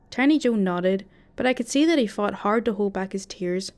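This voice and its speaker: A woman narrating a first-person horror story in a steady, dramatic storytelling manner. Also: mid-range voice, normal speed, few pauses.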